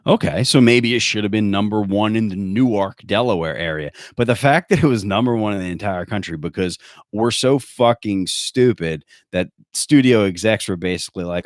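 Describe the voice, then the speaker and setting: A man's voice: lowish voice, expressive, fairly quick, no room sound, studio quality. A man hosting a podcast, ranting in a sarcastic, profane, rambling way. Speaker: podcast host. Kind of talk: casual comedic rant.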